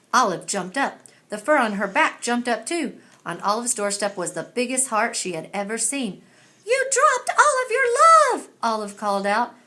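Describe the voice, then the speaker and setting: A woman reading a children's picture book aloud with expressive narration. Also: mid-range voice. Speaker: storyteller. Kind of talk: storybook read-aloud.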